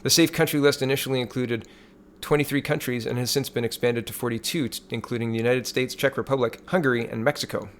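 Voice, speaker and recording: A man's voice: medium pitch, steady tone, fast, a little hiss or hum. A man from Canada giving casual political commentary, reading articles off his screen and adding scornful, sarcastic asides.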